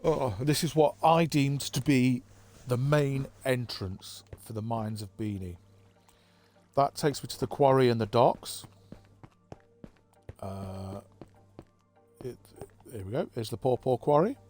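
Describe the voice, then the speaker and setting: Relaxed low-voiced man rambling. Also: slow pace. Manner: relaxed, rambling, thinking aloud with fillers. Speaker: gamer giving a map tour. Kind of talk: casual gameplay commentary. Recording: faint background music.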